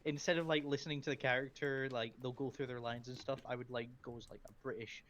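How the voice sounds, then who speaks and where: A man's voice: mid-range voice, fairly even intonation, quick pace, fairly bright tone, a little hiss or hum. A Scottish man chatting as a podcast guest, rambling with lots of fillers. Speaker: streamer guest. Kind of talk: casual podcast chat. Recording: dull lo-fi sound.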